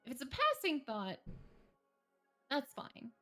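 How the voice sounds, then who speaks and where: On a livestream, a therapist who is a woman talks openly about mental health, cracking jokes and laughing often. She speaks slowly in a high, bright, pushed voice that swings widely in pitch, over quiet background music.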